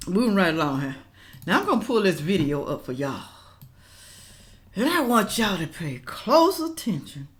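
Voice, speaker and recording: An older woman giving blunt, chatty commentary to her viewers, calling them y'all. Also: mid-range voice. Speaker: reaction vlogger.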